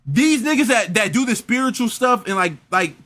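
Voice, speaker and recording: A man rants through a reaction commentary in a high, bright voice that jumps all over the place. He sounds exasperated and rambles, stumbling and repeating words as he goes. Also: animated, normal speed. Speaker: reaction streamer.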